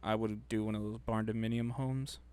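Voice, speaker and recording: A young man co-hosting a casual podcast chat, talking in a relaxed, laid-back way and swearing casually. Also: on the low side, moderate pace, clear, resonant tone. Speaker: podcast co-host.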